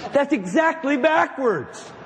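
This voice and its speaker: A man's voice: very high voice, huge pitch swings, extremely slow, in a large hall, noisy background. A man preaching to fellow pastors, exhorting them with emphatic rhetorical questions. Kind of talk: sermon-style lecture.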